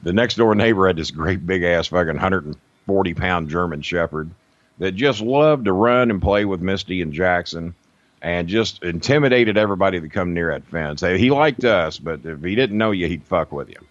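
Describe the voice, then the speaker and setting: Man, podcast guest, low voice, lively profane storyteller, dull lo-fi sound. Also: normal speed, no echo. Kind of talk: casual storytelling.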